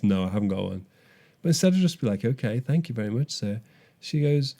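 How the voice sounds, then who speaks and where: A man's voice: on the low side, animated, brisk, gravelly, hardly any pauses, dark tone. A young man co-hosting a podcast, telling a story animatedly with frequent restarts. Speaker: podcast co-host. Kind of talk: casual chat.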